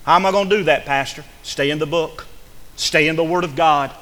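A man's voice: fairly high pitch, a little fast, fairly bright tone, in a large hall. A male pastor, preaching a fervent sermon full of repeated phrases and restarts.

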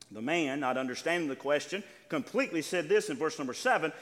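A man's voice: a little high, a little fast, few pauses. A man preaching a sermon in a church, acting out voices as he goes. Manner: animated preaching, acts out voices. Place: church sanctuary. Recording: long reverb of a large hall.

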